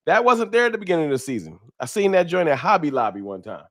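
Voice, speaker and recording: A man's voice: on the high side, big pitch swings, fast talker, fairly bright tone. A man hosting a casual live stream from a room at home, greeting viewers by name in loose slang. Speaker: livestream host. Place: home room with a wall sign. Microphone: desk microphone.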